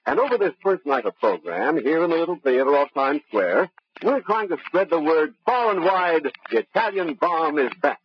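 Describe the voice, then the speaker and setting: A man reading an upbeat 1940s radio commercial in a smooth sales-pitch manner, on a muffled old broadcast. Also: sing-song, normal speed, a little hiss or hum. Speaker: commercial announcer.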